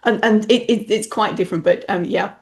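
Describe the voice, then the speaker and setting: A brisk, medium-pitched woman from the UK hosts a podcast interview, where she works as a message clarity specialist. She's an animated, playful storyteller, keeping the casual interview chat lively and chatty.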